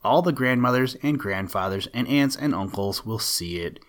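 A man voicing a crowd of excited children in a storybook reading, eager and lively. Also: mid-range voice, normal speed, close to an everyday voice.

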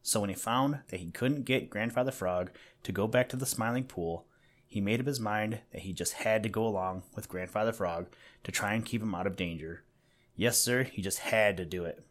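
A man reads a children's animal storybook at a normal speed, his lowish voice gentle throughout. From time to time he turns aside and addresses the listener directly.

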